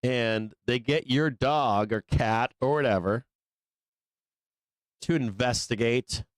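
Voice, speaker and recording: A man's voice: medium pitch, takes it slowly, dry recording. A man hosting a live trading show, telling a long story in a casual, profane, rambling way, laughing often between lines. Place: studio office.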